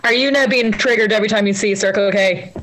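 A woman's voice: mid-range voice, a bit bright, rough recording. Teasing woman co-host. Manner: quick teasing interjections. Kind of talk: casual chat.

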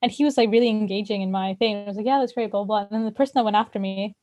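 A woman's voice: mid-range voice, steady tone, racing, darkish tone, highs cut off. A young woman in casual chat, telling stories with a giggly, sassy manner. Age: young adult. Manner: giggly, playfully sassy storyteller.

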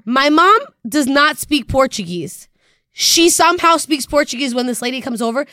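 High-voiced, animated woman co-host. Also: normal speed, dry recording, studio quality. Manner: animated, mixing Spanish into English, playful. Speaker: podcast co-host; nursing student. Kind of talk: casual chat.

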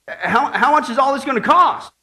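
A man's voice: very high voice, animated, normal speed, sharp tone, voice pushed up, exaggerated voice. A male preacher voicing a fretful, grumpy old man in a joke. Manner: fretful, then furious.

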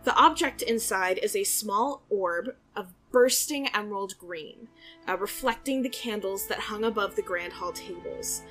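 A woman narrating a tabletop game as game master with unhurried, descriptive narration. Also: medium pitch, fairly bright tone, faint music behind.

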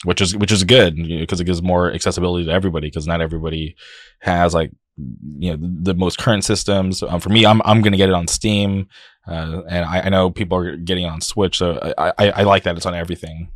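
A man hosting an interview, asking questions in a relaxed, enthusiastic way. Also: deep voice, fast talker, dry recording, studio quality. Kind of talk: casual interview chat.

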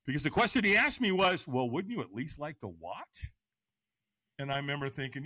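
Middle-aged male podcast guest, storyteller type; bright, lively delivery, acts out every quote. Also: a little high, fairly quick, no echo. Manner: acts out quotes in a raised voice, laughs often. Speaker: podcast guest, firewalk instructor. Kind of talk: animated storytelling.

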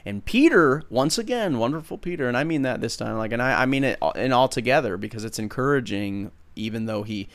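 A man in the middle of a sermon, speaking in a mid-pitched voice with an earnest, emphatic delivery. He swings between loud bursts and quiet, drawn-out passages. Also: animated. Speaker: preacher and podcast host.

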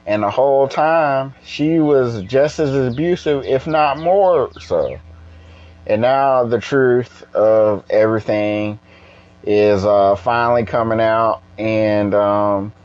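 A tired man hosting a casual solo podcast, rambling and halting with many restarts. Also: medium pitch, dull audio. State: tired, yawning. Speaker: podcast host.

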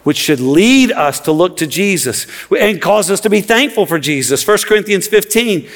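Speaking at a normal speed, this male pastor has a high, animated voice as he delivers a fervent sermon. He keeps circling back to repeated words for emphasis, and the big hall gives it a long, echoing reverb.

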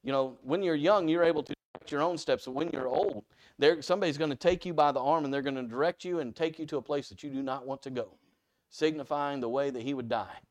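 A man preaching a conversational sermon, animated and full of rhetorical questions to his listeners. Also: a little high, quick pace.

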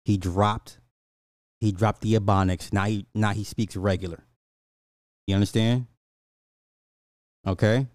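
Blunt, profane man with a low, mellow voice. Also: fairly even intonation, a little slow, pauses often, no room sound, clean studio sound. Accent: African American Vernacular English. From United States. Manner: blunt, profane, stammering restarts; reads news quotes aloud and reacts to chat. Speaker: commentary host. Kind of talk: casual opinion commentary.

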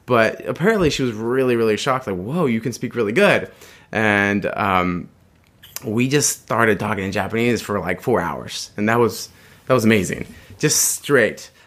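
A man's voice: on the low side, animated, normal speed, a bit bright. A man telling a personal story in a casual chat, rambling with many restarts and frequent laughs. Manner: rambling, laughing often, acts out voices in quotes.

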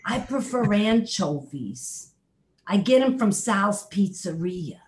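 A woman voicing a brash male bee puppet from Brooklyn with a loud, brassy New York accent. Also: mid-range voice, sing-song, takes it slowly, slight background noise. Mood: cheery. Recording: roomy echo.

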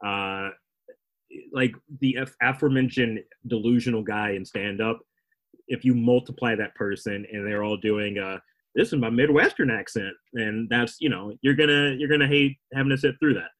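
A man's voice: medium pitch, fairly even intonation, moderate pace, fairly bright tone, rough recording. Rambling young man with wry humor. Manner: rambling, self-interrupting, wry. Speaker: comedian guest. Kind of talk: casual interview chat.

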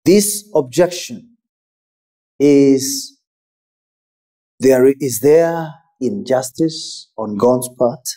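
A man preaching a sermon in a measured, emphatic way with pauses. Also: medium pitch, mellow.

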